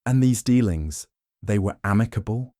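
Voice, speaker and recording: A man voicing a polite, probing older detective in an audiobook, smooth and gently insistent. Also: lowish voice, lively intonation, normal speed, no echo, clean studio sound, voice pushed up, close to an everyday voice. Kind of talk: audiobook character voice.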